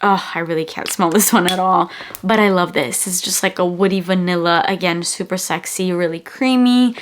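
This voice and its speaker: A woman's voice: lowish voice, normal speed, background noise. A young woman with a congested, stuffy nose, chatting in a gushing, casual way as she reviews perfumes in a vlog. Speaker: beauty vlogger. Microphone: camera-mounted mic.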